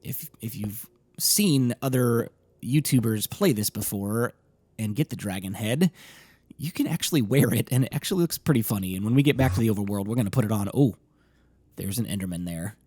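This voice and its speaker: A young man hosting a Let's Play, narrating his own gameplay in a chatty, casual way, with a slightly rough morning voice. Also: medium pitch, expressive, fairly quick, mellow, dry recording.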